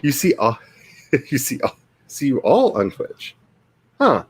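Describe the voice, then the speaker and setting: A man's voice: medium pitch, wildly swooping pitch, a little slow, husky. A man, chatting casually and rambling on a livestream. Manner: rambling and chatty, laughing often. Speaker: author and streamer.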